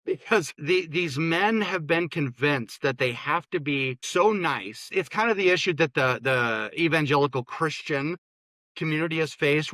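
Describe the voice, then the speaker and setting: Bright-toned blunt male therapist. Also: fairly high pitch, dry recording. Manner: blunt and opinionated, with many restarts. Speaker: guest therapist. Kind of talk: casual interview talk.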